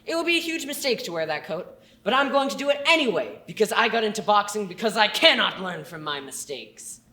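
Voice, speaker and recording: A woman playing a boastful, deluded boxer at a press conference, boasting grandly in a deadpan way as stage comedy. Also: mid-range voice, brisk, echoey room. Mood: pompous. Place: school stage.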